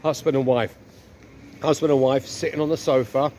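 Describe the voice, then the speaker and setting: A man's voice: medium pitch, steady tone, moderate pace, mellow, a little hiss or hum. A man telling a joke and making self-deprecating asides to his viewers between skit lines. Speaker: comedy sketch host. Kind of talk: casual comic skit narration.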